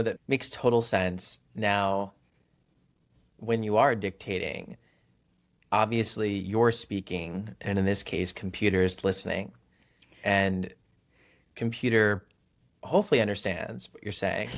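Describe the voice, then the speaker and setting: A man with a plain American accent hosts the interview in a lowish voice. He asks his questions in a relaxed, conversational way. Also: a little slow. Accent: General American. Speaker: podcast host. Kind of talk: podcast interview.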